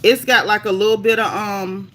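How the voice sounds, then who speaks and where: A woman hosting a casual livestream, reading viewer comments aloud in a chatty, animated, folksy way. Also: mid-range voice, normal speed, slight background noise. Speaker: livestream host reading chat. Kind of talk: casual live chat.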